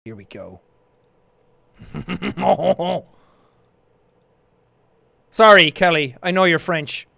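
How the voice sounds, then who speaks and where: A man hosting a casual livestream, chatting in a jokey, excitable way, with bursts of shouting and laughter. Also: high voice, extremely slow, creaky, long pauses, dry recording. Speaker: livestream host. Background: faint background music.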